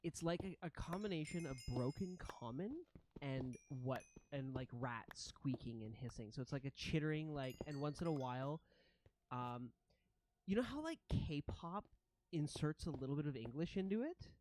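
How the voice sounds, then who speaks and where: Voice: mid-range voice, normal speed, background noise. A game master narrating a tabletop role-playing scene in an easygoing way, with frequent restarts. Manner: relaxed, with hesitant restarts.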